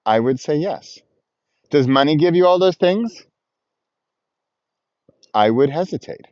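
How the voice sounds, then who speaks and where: A man's voice: fairly high pitch, animated, measured pace, a little mellow, dry recording, muffled recording. A man talking casually to the camera outdoors, chatty and self-mocking, laughing often. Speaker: vlogger. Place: outdoors on a frosty beach with his dog.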